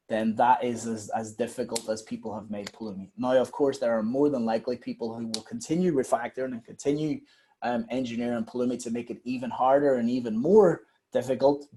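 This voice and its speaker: A man guest explaining software in a webinar, rambling and emphatic with repeated phrases. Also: medium pitch, slightly rough.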